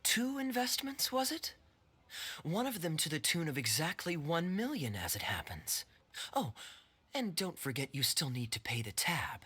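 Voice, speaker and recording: A woman's voice: low voice, very animated, moderate pace, a bit bright, husky, exaggerated voice. An actress voicing a sly, mocking female schemer in a game, with a teasing, knowing tone. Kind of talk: game voice acting.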